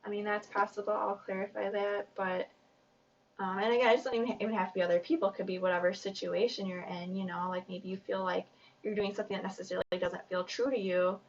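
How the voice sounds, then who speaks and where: A woman's voice: mid-range voice, steady tone, fast talker. A woman giving a casual weekly tarot reading, chatty and rambling, a little self-conscious as she goes. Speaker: tarot reader. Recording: dull, distant mic.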